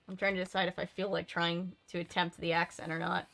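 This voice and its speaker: A woman reads a storybook aloud in a casual, easygoing way, slipping into chatty asides between passages. Her voice sounds bright and clear. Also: lowish voice, level tone, brisk, few pauses. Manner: reads steadily, then drifts into chatty asides. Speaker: channel host reading a book aloud. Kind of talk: casual read-aloud livestream.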